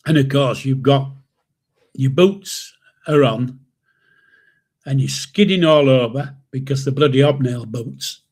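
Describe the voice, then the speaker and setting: A man's voice: mid-range voice, slow pace, pauses often, darkish tone, husky. An older man hosting a live stream, telling a story in a rambling, chuckling way with mild swearing. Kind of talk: casual storytelling.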